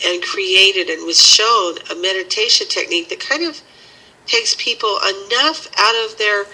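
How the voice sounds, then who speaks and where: A woman teaching a healing method and leading a slow, soothing guided meditation. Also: on the low side, pushed and bright, breathy edge, poor audio. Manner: slow, soothing guiding instructions.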